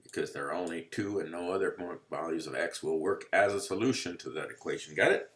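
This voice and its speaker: A man's voice: low voice, fast talker. A male math teacher giving a casual, playful lecture from home. He jokes around and keeps checking in with his listeners. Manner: playful, jokey, keeps checking in with "you see?". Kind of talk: casual screen-recorded lecture.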